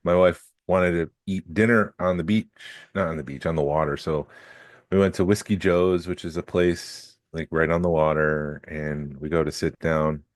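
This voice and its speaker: A man's voice: sits low, fairly even intonation, moderate pace, dry recording. A man co-hosting a casual podcast chat, telling stories with dry, teasing wit. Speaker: podcast co-host.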